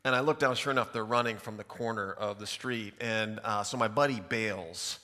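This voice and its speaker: A middle-aged man preaches in a lively, storytelling way, joking at his own expense. His voice is bright and forceful. It carries a long reverb from the hall around him. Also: fairly low pitch, normal speed. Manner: chatty, self-deprecating, lively storyteller. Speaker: pastor. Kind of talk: storytelling sermon to a youth group. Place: church hall with live audience.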